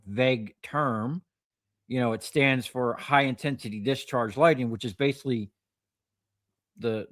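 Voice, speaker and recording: A man talks shop casually into a close microphone, his voice sitting at an ordinary middle pitch. He rambles through long anecdotes with restarts and fillers, and the room adds almost no echo. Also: a bit bright. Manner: rambling storyteller, acts out quoted customers. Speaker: scrap metal recycler. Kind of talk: casual livestream chat.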